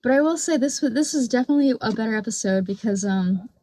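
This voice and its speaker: A woman talks back at a clip she is watching. Her voice sits high yet has a mellow, dark warmth. She rants bluntly, swears freely and mocks the people on screen. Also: animated, quick pace. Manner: blunt, profane, mocking rant. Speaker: commentator reacting to a clip. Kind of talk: casual reaction commentary.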